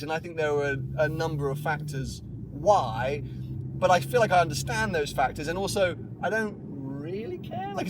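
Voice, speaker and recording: A young man chatting casually as a guest, telling animated stories and acting out quotes. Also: fairly high pitch, background noise. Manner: animated storyteller, acts out quotes. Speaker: YouTuber guest. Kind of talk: casual chat.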